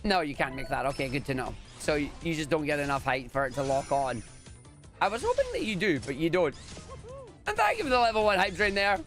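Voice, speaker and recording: A Scottish man streaming a speedrun, talking casually with jokes and sudden excited exclamations. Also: sits high. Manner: excitable, jokey, bursts into loud exclamations. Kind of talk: casual live-stream commentary. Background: game music.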